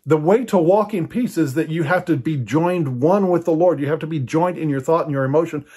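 A man's voice: fairly high pitch, fairly quick, dark tone, husky. Older guy preaching, chatty storytelling, lots of ums and restarts. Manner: conversational, storytelling with many fillers and restarts. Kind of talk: personal teaching talk.

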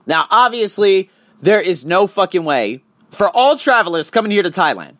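A man ranting casually and profanely to his viewers, swinging between loud outbursts and hushed asides. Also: sits high, big pitch swings, normal speed. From United States. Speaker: vlogger and online teacher. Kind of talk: casual profane rant to camera.

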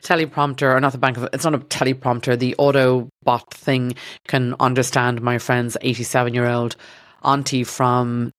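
A woman's voice: rumbling low, flat delivery, normal speed, no room sound. An Irish woman hosting a podcast from a studio, talking in a rambling, self-deprecating comedic monologue that swears freely. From Ireland. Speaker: podcast host.

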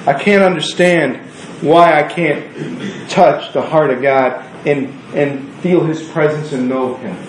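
High-pitched guy preaching, earnest and chatty, lots of echo, faint hiss. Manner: earnest and conversational, with drawn-out emphasis. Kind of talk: sermon. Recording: echoey room.

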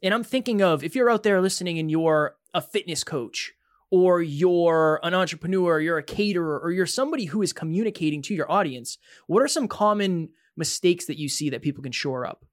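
A man's voice: a little high, a little fast, no room sound. A man hosting a podcast, asking his guest questions with energy. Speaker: podcast host and coach. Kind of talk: interview questions.

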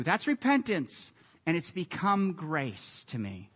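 A man preaching a sermon as a pastor, earnest and emphatic, building to loud peaks. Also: high-pitched, sing-song, moderate pace. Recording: echoey hall reverb.

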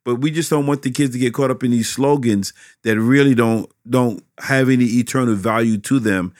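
A man's voice: medium pitch, moderate pace, dry recording. A middle-aged pastor talking in an interview, building energy as he drives home his points and repeating phrases for emphasis. His voice sits in a normal male range. The sound is dry and close, with little room around it. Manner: animated, preacherly emphasis with repetitions. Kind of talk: interview answers about teaching children.

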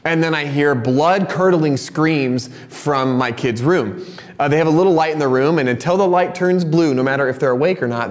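Guy pastor in his 30s telling a family story from the pulpit, lively then quiet and honest, big echoey church. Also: fairly high pitch. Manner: candid, animated storytelling that drops to a soft, confessional tone. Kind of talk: sermon with a personal story. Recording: long reverb of a large hall.

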